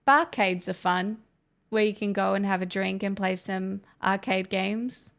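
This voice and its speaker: A woman's voice: mid-range voice, steady tone, unhurried, vocal fry, a bit bright. An Australian woman livestreaming, chatting casually and answering viewers' messages with rambling restarts.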